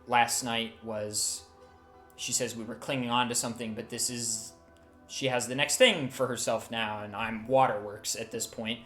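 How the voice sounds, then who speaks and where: A man doing a heartbroken man, halting. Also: medium pitch, steady tone, a bit bright, lightly acted. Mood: wistful. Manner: halting, emotional storytelling. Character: heartbroken man recounting lost love. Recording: roomy echo, faint music.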